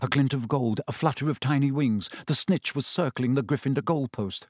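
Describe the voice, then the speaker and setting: A man narrating a storybook with a lively, expressive reading. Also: mid-range voice, a little fast, breathy edge, no room sound, clean studio sound. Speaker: audiobook reader.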